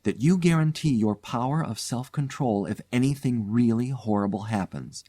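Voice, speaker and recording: A man's voice: medium pitch, normal speed, warm tone, dry recording, studio quality, lightly acted. A man reading the part of a polite, mildly teasing nephew in a spoken ghost story. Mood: serious.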